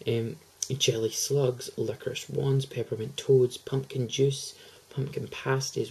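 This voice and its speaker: Excitable teenage lad rambling. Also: male voice, mid-range voice, unhurried, gravelly, hardly any pauses, slightly rough, rough recording. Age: teens. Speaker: vlogger. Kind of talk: casual chat to camera.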